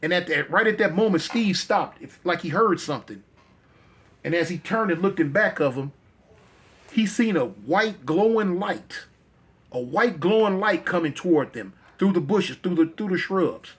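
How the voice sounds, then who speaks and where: Husky guy storytelling, kinda high voice, repeats himself, slows down for drama. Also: animated, a bit bright. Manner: repetitive, conversational, dramatic slowdowns.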